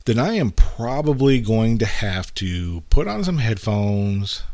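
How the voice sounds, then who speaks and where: A man's voice: lowish voice, expressive, slow pace, darkish tone, no room sound. A middle-aged man hosting a podcast, talking in a casual, reflective monologue with frequent "right?" asides. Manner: conversational, frequent "right?" asides, acts out quotes. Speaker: podcast host.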